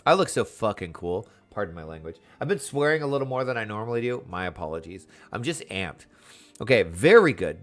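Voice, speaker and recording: A man streaming a video game, chatting excitedly and answering his chat. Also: fairly low pitch, a little fast, faint music behind. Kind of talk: casual live gameplay chat.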